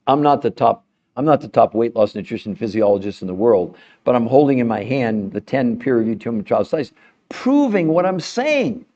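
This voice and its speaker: A middle-aged man giving an impassioned health talk, blunt and fired up, swearing at times and turning soft and emotional. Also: on the high side. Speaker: health presenter. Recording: slightly dull lo-fi sound.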